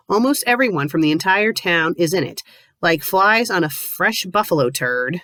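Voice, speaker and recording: Sarcastic woman narrator for a comedy read-aloud, lively pitch, dry close sound. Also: slow, dry recording. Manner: mocking, deadpan asides. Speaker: fanfiction reviewer. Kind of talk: sarcastic dramatic reading with commentary.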